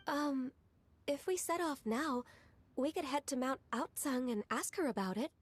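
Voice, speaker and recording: An actress playing a gentle, shy young woman who speaks softly and hesitantly, with little pauses. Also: sits high. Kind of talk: game voice acting.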